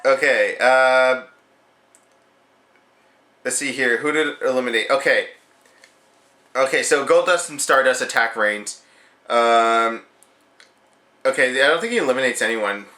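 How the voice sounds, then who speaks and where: Young man, from Canada, excitable, profane, bright voice, echoey room. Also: medium pitch, unhurried, long pauses. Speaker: wrestling reviewer. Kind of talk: casual video review.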